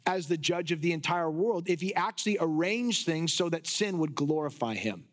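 A male preacher giving an emphatic, rhetorical sermon that explains a passage of scripture. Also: on the high side. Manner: emphatic, rhetorical, sometimes laughing at absurd ideas. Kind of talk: expository sermon.

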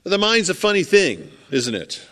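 A man preaching a sermon in a conversational way, acting out scenes and swinging from loud to hushed. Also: high voice, big pitch swings, moderate pace. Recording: long hall reverb.

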